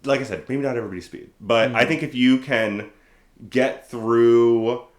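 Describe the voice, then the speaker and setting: A man co-hosting a podcast, chatting casually and telling stories with quick mock voices. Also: mid-range voice. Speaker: podcast co-host. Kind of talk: casual chat. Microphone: desk microphone. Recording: roomy echo.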